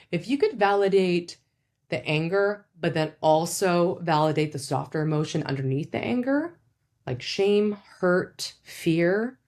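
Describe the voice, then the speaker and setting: A woman psychologist explaining things in a casual, chatty way, full of fillers and asides. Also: a little mellow. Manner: acts out quoted speech with big pitch jumps. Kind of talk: casual educational talk.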